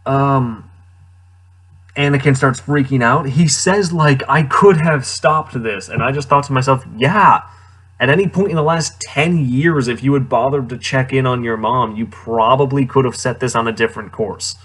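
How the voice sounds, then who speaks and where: A man's voice: medium pitch, normal speed, fairly bright tone. A man giving casual, sarcastic commentary on a movie he just watched, incredulous and laughing often. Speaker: movie reviewer.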